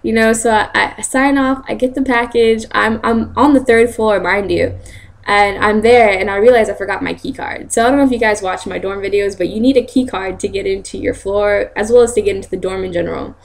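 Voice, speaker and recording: A young woman telling stories in a casual vlog, chatty and quick to laugh, acting out other people's lines in a higher voice. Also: fairly even intonation, creaky. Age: young adult. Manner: chatty, laughs often, acts out quotes in high voices. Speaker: vlogger.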